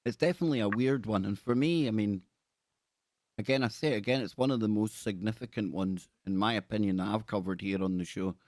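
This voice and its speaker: A man's voice: fairly low pitch, brisk, a little mellow, no echo, studio quality. Chatty man hosting a podcast. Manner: chatty and enthusiastic, reading out listener comments. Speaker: podcast host. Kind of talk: casual interview chat.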